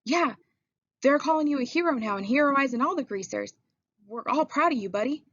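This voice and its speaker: A woman's voice: high voice, lively intonation, brisk, fairly bright tone, dry recording, highs cut off, voice pushed up. A woman voicing a hotheaded tough greaser boy. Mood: forced cheer. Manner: urgent, clipped and commanding. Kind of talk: audiobook character voice.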